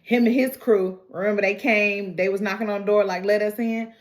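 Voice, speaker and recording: A woman in a casual vlog, recapping and reacting to a TV episode in an animated, slangy, chatty way. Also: mid-range voice, a little fast.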